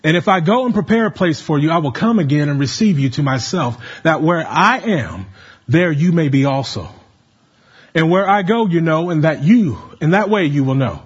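A man's voice: a little high, breathy edge, muffled recording. A man preaching a sermon, reading scripture and leading the congregation in call and response. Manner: rising to emphatic calls, leading the congregation.

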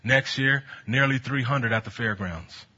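Husky, bright-voiced man preaching. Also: mid-range voice, a little slow. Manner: animated, storytelling, rising to bold exhortation. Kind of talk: sermon with personal stories. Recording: dull lo-fi sound.

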